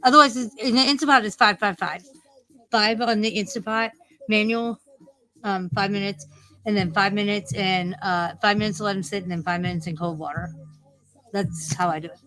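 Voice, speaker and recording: Brief: woman streamer, mid-pitched, swears constantly, loose scattered chat. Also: moderate pace, pushed and bright, faint music behind, rough recording. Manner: profane, rambling, easily distracted. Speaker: livestream host. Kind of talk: casual livestream chat.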